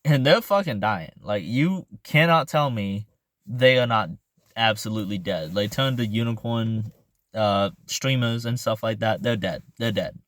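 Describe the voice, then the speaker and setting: A young man talks through a movie in a loose, rambling way, often stopping to hunt for the right word. His voice sits a bit low and his pace is unhurried. The recording is dry and close, with no room sound. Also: a bit bright, no room sound. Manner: rambling, filler-heavy, searches for words. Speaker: movie reviewer. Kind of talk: casual spoken movie review.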